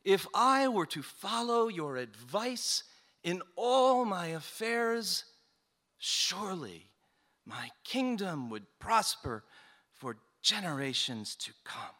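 A stately king speaks with formal, grave solemnity, as a storyteller voices him. His tone is bright and slow. The words ring out into a long hall reverb. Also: sits high, big pitch swings, full character voice. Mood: admiring. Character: stately, concerned male king.

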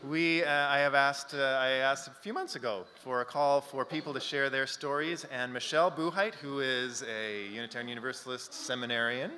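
Man introducing a speaker at a service, bright, edgy tone, in a long-echo hall. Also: mid-range voice, steady tone, normal speed, hardly any pauses. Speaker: service leader. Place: church sanctuary. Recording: echoey hall with faint noise.

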